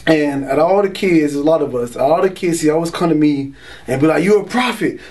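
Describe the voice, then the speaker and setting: Young man from Florida, slightly high voice, loose street slang, testimony told straight to camera. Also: a little fast, a little mellow. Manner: streetwise slang, frequent "you know" and "y'all". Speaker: man giving a religious testimony. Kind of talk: casual spoken testimony.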